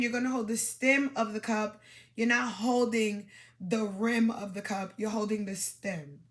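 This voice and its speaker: A woman's voice: fairly high pitch, bright, forceful tone. A woman hosting a podcast, giving dating advice in an emphatic, repetitive coaching monologue with demonstrations.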